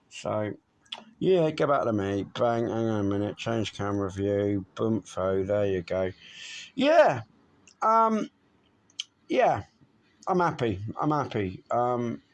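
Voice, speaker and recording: A man talks in a loose, rambling vlog chat. His voice is gravelly, with a middling pitch. He swears often and chuckles between thoughts. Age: 50s.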